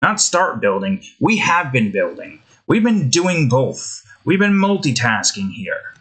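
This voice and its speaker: A man's voice: medium pitch, very animated, unhurried, a bit bright. A man giving rambling gameplay commentary while building in a game, interrupting himself often and swearing. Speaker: game content creator. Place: indoors.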